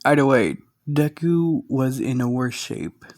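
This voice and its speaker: Slow, subdued man with a sore throat. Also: mid-range voice, darkish tone, dry recording, studio quality. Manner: halting, hesitant, subdued. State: sore throat, speaking quietly. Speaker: fan story narrator. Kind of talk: amateur storytelling narration.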